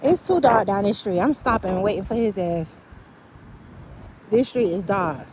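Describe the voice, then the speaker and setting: A woman telling a story in casual, profane, animated talk while walking outdoors at night, speaking into a phone. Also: medium pitch, moderate pace, a little hiss or hum. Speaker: vlogger. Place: outdoors on a dark street at night.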